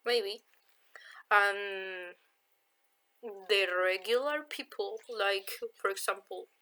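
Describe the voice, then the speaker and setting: Slow-talking Chilean woman vlogger. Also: mid-range voice, fairly bright tone, poor audio. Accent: Chilean Spanish. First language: Spanish. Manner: unhurried, hesitant, many fillers. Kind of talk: casual chat answering viewer questions.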